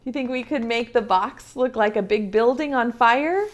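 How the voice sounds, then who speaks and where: On a video call with her preschool class, a woman with a voice on the high side reads a picture book aloud at a moderate pace. She keeps it gentle and playful and asks the children questions.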